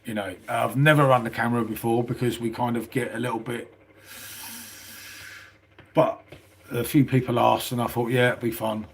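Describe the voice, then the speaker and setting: Husky southern English bloke, chatty. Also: male voice, mid-range voice, flat delivery, moderate pace, long pauses. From England. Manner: chatty, peppered with "mate" and swearing. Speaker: live stream host. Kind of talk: casual live stream chat. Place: small house indoors.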